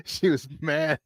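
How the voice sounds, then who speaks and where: Animated male sports radio host. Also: on the high side, dry recording. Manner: animated, hypey, laughs often. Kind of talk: morning sports talk show.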